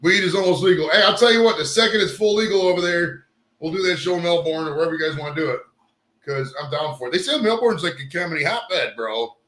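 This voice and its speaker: On a casual live stream, a man with a somewhat high, slightly bright voice talks fast, swearing and wandering off topic as he repairs his camera setup. The space sounds echoey.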